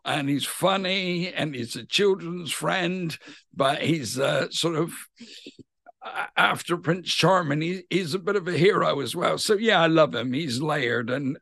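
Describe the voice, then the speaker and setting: A man's voice: fairly high pitch, vocal fry, no room sound, clean studio sound. A middle-aged man with a West Country English accent, a pantomime actor chatting enthusiastically in an interview. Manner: chatty and enthusiastic, animated storytelling. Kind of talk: casual interview chat.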